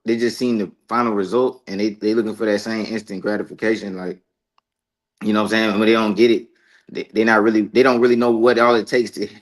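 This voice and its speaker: A man's voice: lowish voice, level tone, quick pace. A man speaking as a guest on a casual podcast, hesitant and often repeating words as he makes his point. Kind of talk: casual livestream podcast talk.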